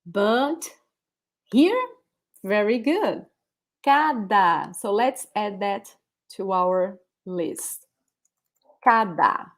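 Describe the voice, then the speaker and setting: A woman's voice: medium pitch, expressive, extremely slow, pauses often. A woman with a Brazilian accent, a Portuguese speaker, teaching a live online pronunciation lesson, repeating words patiently for her students. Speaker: language teacher.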